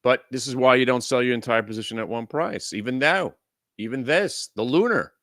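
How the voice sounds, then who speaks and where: A man's voice: medium pitch, a little fast, a bit bright. A middle-aged man hosting a live stock trading room, ranting frantically with lots of swearing. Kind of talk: live market commentary.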